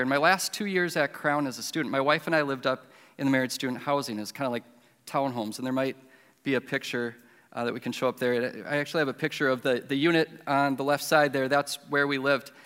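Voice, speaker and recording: A man's voice: mid-range voice, a bit bright, smooth. A man, preaching a sermon and telling a self-deprecating personal story in a conversational way. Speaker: pastor. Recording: reverberant hall.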